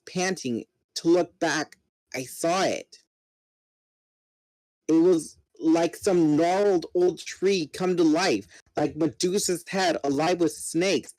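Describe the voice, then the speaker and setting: A man's voice: a little high, a little mellow, no room sound, rough recording. A man reading a novel aloud, narrating steadily and voicing the characters himself. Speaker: reader. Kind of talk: dramatic book reading.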